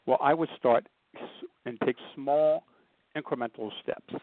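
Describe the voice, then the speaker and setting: A man's voice: medium pitch, unhurried, dry recording. Storytelling man on a tinny phone line. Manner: animated storyteller acting out quoted voices. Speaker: guest humor speaker. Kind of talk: telling stories in a radio interview.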